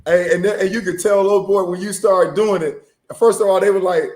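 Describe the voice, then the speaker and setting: A man from South Florida talking sports with a high, lively voice that keeps exclaiming and joking. His voice rings with a noticeable echo, as if in a bare, roomy space. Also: fairly quick. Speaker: co-host. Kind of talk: casual sports talk.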